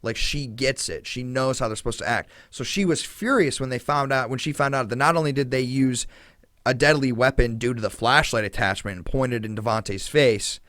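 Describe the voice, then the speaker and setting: A man's voice: mid-range voice, brisk, a bit bright, no echo, studio quality. A man hosting a podcast, telling a story in casual chat with a lot of fillers, indignant and swearing freely. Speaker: podcast host.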